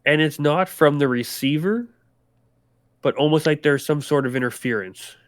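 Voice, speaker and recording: A man's voice: on the high side, normal speed, no room sound. A man running a tabletop role-playing game as game master, explaining rules and describing events in a loose, rambling way.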